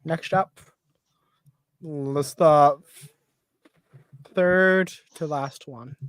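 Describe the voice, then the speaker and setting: A man's voice: on the high side, very slow, dry recording. A man hosting a casual commentary stream on his own videos, offhand and self-deprecating. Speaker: video creator and host.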